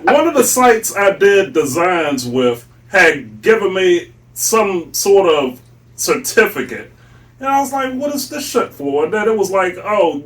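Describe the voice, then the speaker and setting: High-voiced dude ranting and cursing on a podcast, far from the mic. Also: male voice, fairly bright tone. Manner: blunt, profane, ranting. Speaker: podcast co-host. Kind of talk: casual opinion chat.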